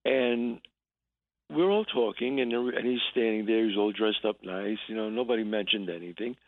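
A man with a gravelly, creaky voice talks over a tinny, phone-like line. He tells his story haltingly, stumbling and restarting, and slips into the voices of the people he quotes. The sound is dry and close. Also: lowish voice, dry recording. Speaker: actor and guest. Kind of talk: telling a story in a radio interview.

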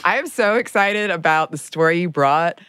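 A woman's voice: lowish voice, animated, moderate pace, fairly bright tone, smooth, dry recording, studio quality. A woman who hosts the podcast and auditions as a voice actor, chatting playfully with frequent laughs. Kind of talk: casual podcast chat.

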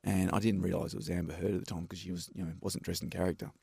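A man's voice: deep voice, flat delivery, very fast, gravelly, warm tone, breathy edge, dry recording. A man with an Australian accent, a stuntman guest telling rambling anecdotes in a casual interview. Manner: laid-back, rambling anecdotes with many fillers.

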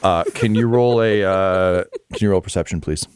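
A man's voice: deep voice, normal speed, darkish tone, clean tone, no echo, clean studio sound. A man narrating as game master, casual and hesitant, with many fillers.

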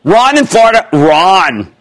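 A man in his sixties hosting a TV stock show, loud and theatrical, jumping between shouts and mutters. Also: sits high, big pitch swings, unhurried, low-quality recording. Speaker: TV host. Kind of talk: excitable TV stock commentary.

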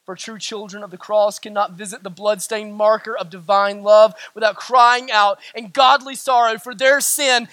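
A man with a Southern US accent preaching a sermon as a pastor, swinging from shouted lines to hushed, quiet ones. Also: very high-pitched, dry recording. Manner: dramatic swings from shouting to hushed near-whispers.

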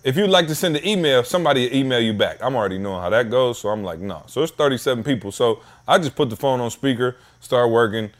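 A man's voice: medium pitch, fast, hardly any pauses. A man hosting a podcast from his home basement, telling a long casual story in slangy speech and acting out the voices of the people in it. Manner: animated, slangy storyteller who acts out dialogue. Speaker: podcast host.

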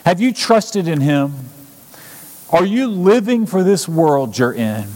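A man's voice: a little high, sing-song, slow pace, darkish tone. A man preaching a sermon as pastor, earnest and urgent, building up with repeated phrases. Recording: long hall reverb.

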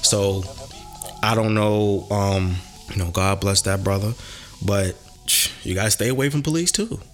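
Lowish-voiced male co-host, animated and profane, casual talk over faint music. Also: measured pace. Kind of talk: casual chat.

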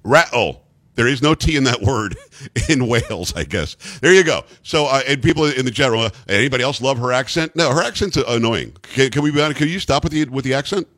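A male talk radio host who talks bluntly and emphatically, joking with his co-host between strong opinions. His voice sits at a middling pitch. The studio sound is close and dry. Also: lively intonation, quick pace, fairly bright tone, dry recording.

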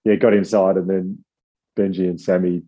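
Deep, dark-voiced man telling a story. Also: normal speed, muffled recording. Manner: rambling, self-deprecating, animated quoting. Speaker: author guest. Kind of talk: casual storytelling.

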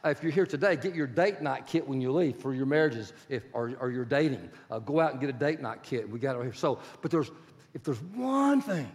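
A pastor in his sixties preaching a sermon, swinging from loud urgent pleading to soft, hushed prayer. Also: mid-range voice, fast talker, hardly any pauses. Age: 60s. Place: church sanctuary. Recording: long hall reverb with guitar music behind. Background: soft guitar music.

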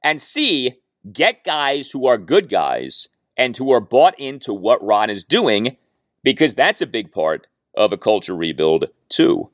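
A man hosts a solo sports podcast at a middle pitch. His delivery is animated, his voice leaps high and drops low, and he jokes with himself as he goes. The sound is dry, with no room echo. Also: a little slow. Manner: animated, talks to himself jokingly.

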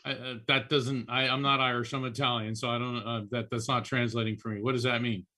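A man who is a psychic medium, giving animated, chatty readings on a call-in show and often repeating names as he goes. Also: mid-range voice, a little fast.

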